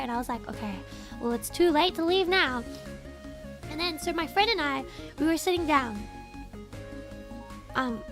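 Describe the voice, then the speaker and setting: Very high, bright young woman storyteller. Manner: animated storytelling, bursts into excited shouts. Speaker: streamer. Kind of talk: casual chat.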